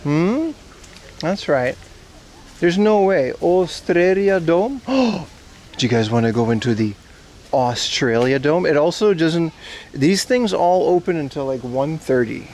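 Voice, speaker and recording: A man's voice: fairly high pitch, lively intonation, unhurried, a little mellow, slight background noise. A man from Aruba joking and swearing as he chats to viewers on a casual outdoor livestream. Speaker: streamer. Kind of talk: casual IRL livestream chat. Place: outdoors at a zoo park.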